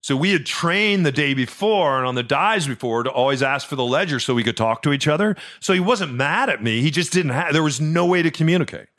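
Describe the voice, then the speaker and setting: A middle-aged man hosting a podcast, telling a personal story in a chatty way, stumbling over repeated words and dropping soft and low at the tender parts. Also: expressive, fairly quick, hardly any pauses. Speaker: podcast host. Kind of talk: casual storytelling.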